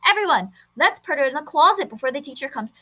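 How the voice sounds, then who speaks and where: A woman reading aloud, voicing a rough schoolboy who jeers and shoves a classmate. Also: sits high, animated, fast talker, bright, forceful tone, voice pushed up. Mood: mocking. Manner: jeering, savage taunts. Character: bullying schoolboy, rough and taunting.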